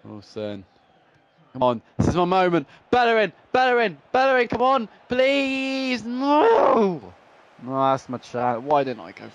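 Excitable young man gaming. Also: sits high, moderate pace, highs cut off. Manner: excitable, swings between groans and shouts. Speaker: gaming YouTuber. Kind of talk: live gameplay commentary.

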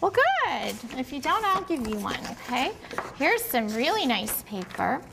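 A woman's voice: high voice, wildly swooping pitch, a little slow, creaky, background noise. A woman teacher patiently guiding young children through a handwriting and letter-sound lesson at a small classroom table, praising them often.

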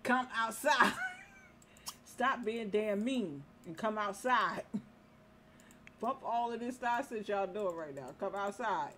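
A woman's voice: medium pitch, animated, slow pace, pauses often, pushed and bright, slight background noise. A woman casually commentating a life-simulation game, scolding the characters in exasperation. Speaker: gameplay commentator. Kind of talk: casual let's-play commentary.

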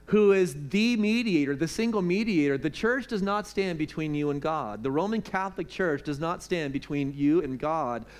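A male pastor preaches at an evening church service. His voice sits a little high, and he talks to the congregation conversationally, mixing jokes and questions into the teaching. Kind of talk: sermon.

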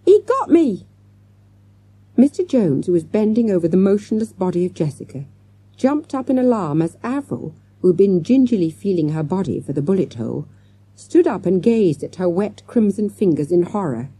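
A woman's voice: fairly low pitch, brisk, breathy edge, dry recording. A woman narrating a children's storybook, voicing the characters as she goes. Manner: lively, acts out character lines. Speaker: audiobook narrator.

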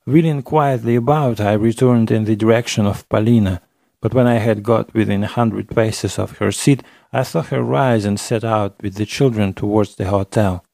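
A man narrating a classic novel in the first person, measured and literary, on a close studio mic. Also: fairly low pitch, fairly even intonation, vocal fry, mellow, no echo. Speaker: audiobook narrator.

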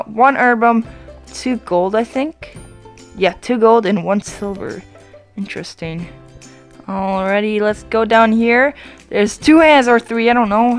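A woman giving chatty let's-play commentary over her game, often apologizing and breaking into excited exclamations. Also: mid-range voice. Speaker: YouTube gamer.

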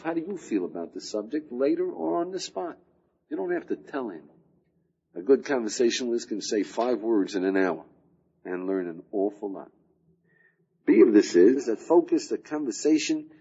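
A man's voice: medium pitch, a little mellow, breathy edge, highs cut off. An older man giving a recorded lecture as a rabbi, full of rhetorical questions and chuckles. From United States. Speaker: rabbi teaching a class.

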